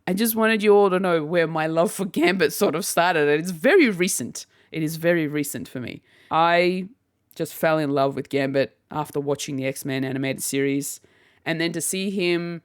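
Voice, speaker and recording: A woman's voice: fairly low pitch, clean tone, dry recording, studio quality. A woman hosting a podcast, chatting casually on her own, rambling with frequent restarts and bursts of laughter. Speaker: podcast host. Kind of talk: casual solo chat.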